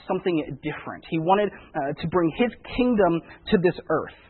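A man's voice: a little high, husky. A man preaching a conversational sermon, often repeating words as he thinks it through. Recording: tinny phone-like radio broadcast.

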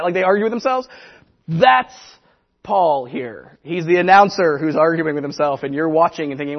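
A man preaching a casual, animated sermon to a congregation, talking conversationally with quick asides. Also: sits high, muffled recording. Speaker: pastor.

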